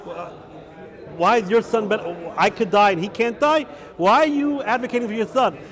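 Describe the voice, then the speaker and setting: A man's voice: high voice, moderate pace, fairly bright tone. A man putting on a hot-tempered old sage. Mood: indignant. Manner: exclaiming, melodramatic. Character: hot-tempered old male sage, scolding then wailing.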